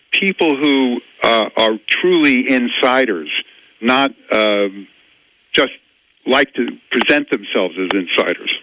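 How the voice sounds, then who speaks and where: A man's voice: medium pitch, bright, forceful tone, dry recording. A man in his seventies, an author being interviewed on the radio, answering critics in an emphatic, dismissive way. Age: 70s. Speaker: author guest. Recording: dull dry radio audio.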